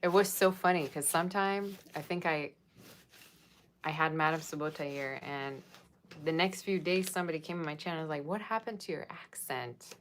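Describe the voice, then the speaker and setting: A woman with a low-sitting voice speaks in a steady tone, a little fast. She's a tarot reader chatting casually on a livestream, reading viewer comments aloud and answering them. There's faint background noise in the recording.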